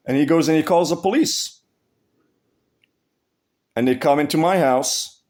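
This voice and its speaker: A man delivers a casual vlog monologue to camera, his mid-range voice darkish in tone at a normal speed with frequent pauses. His storytelling is blunt and full of swearing, and he keeps restarting and repeating phrases.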